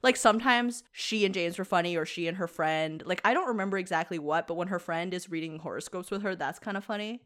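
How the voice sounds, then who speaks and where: A woman's voice: on the low side, fast talker, hardly any pauses, a bit bright. A woman co-hosting a podcast, chatting wryly about a film and giggling often. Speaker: podcast co-host. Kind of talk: casual film review chat.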